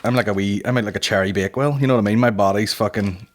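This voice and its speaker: A man's voice: fairly low pitch, fairly even intonation, quick pace. A man with a Northern Irish accent, a guest on a comedy podcast, trading crude jokes in casual chat. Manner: crude, joking banter.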